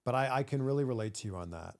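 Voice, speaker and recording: A man's voice: mid-range voice, expressive, very fast. A man hosting an interview, reflecting and affirming his guest in casual chat. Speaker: interview host.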